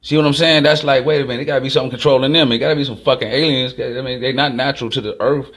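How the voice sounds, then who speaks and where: A man with a Chicago accent delivering a rambling, casual monologue, telling stories fast and acting out both sides of the exchanges. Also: medium pitch, fairly even intonation, a bit bright. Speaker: channel host.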